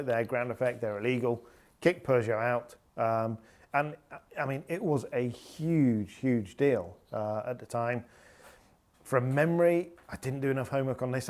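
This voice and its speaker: A man's voice: mid-range voice, darkish tone. Rambling man telling rally stories. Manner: rambling anecdotal storytelling with fillers. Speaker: rally pundit. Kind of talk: casual panel chat.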